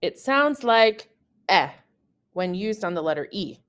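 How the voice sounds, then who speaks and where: A woman narrating a scripted beginner lesson, explaining carefully and deliberately, with lively pitch jumps on the examples. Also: clean tone. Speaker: French teacher.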